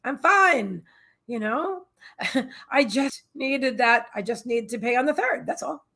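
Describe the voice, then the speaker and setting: A woman with a high voice hosts a psychic livestream from her own apartment. She talks in a candid, heartfelt way, wandering off and restarting her sentences as she goes. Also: expressive, a little slow, a bit bright. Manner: rambling, many restarts and fillers. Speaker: psychic host. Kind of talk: casual livestream chat.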